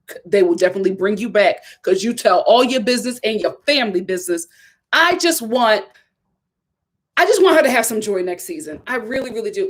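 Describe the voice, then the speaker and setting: Sassy, animated woman reviewing reality TV. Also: a little high. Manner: sassy, emphatic, repeats herself. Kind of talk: live review commentary.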